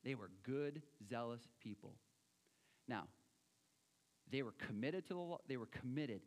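A man preaching a sermon, animated, acting out quoted voices and swinging between loud and soft. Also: mid-range voice, measured pace, in a large hall. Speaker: pastor.

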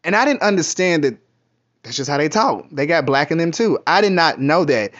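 A man's voice: fairly high pitch, lively intonation, brisk, a bit bright. A middle-aged man from Kentucky, telling candid, profane stories in a rambling casual monologue. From Kentucky, USA. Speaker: vlogger. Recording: muffled lo-fi audio.

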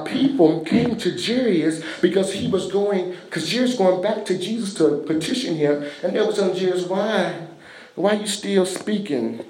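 A young man preaching a fervent sermon, building to shouts, with frequent "uh" fillers. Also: sits high, echoey room, low-quality recording. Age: young adult.

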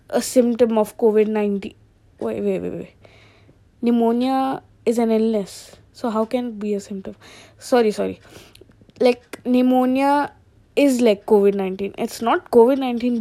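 A woman's voice: fairly high pitch, darkish tone. A young woman who hosts a casual, rambling comedic podcast monologue and laughs at her own jokes.

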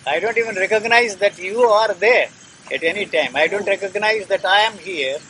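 A man's voice: sits high, normal speed, pushed and bright. A man speaking emphatically in an argumentative conversation, insisting and repeating his phrases. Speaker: speaker answering questions. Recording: noisy room recording.

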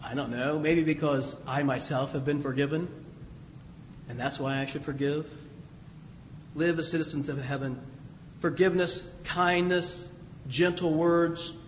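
A man with a high voice preaches a sermon, talking to the congregation like a friend and pushing his voice up for emphasis. He is heard from a distance in a large echoing church, with a long reverb tail behind every phrase. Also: measured pace, pauses often, a bit bright, a little hiss or hum. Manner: conversational preaching with emphatic rises and asides. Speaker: pastor.

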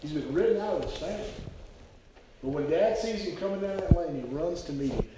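A man with a drawl preaches an earnest sermon, often stumbling over repeated words. His voice sits a touch high. He is heard from a distance in a very echoey hall with faint noise behind him. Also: brisk. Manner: earnest storytelling, frequent stammered repeats. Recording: very echoey hall, speaker far from mic.

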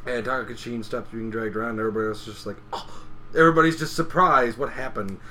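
A man's voice: medium pitch, racing, pushed and bright, slight background noise. A man casually narrating manga scenes on a podcast, laughing and acting out the characters' lines. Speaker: podcast co-host. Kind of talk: casual chat recapping manga.

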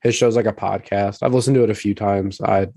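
A man's voice: on the low side, steady tone, a little fast, vocal fry, mellow, slightly rough, no room sound. A man co-hosting a podcast, chatting casually and laughing along easily. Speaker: podcast co-host. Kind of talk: casual chat.

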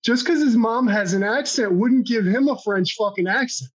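High-pitched man on a dull mic. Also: moderate pace. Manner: enthusiastic, blunt, profane opinions. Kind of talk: casual podcast banter.

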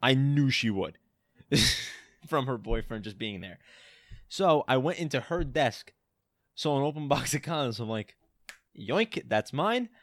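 A young man telling an animated, laughing story in casual chat among friends. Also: medium pitch, a little slow, no echo, clean studio sound.

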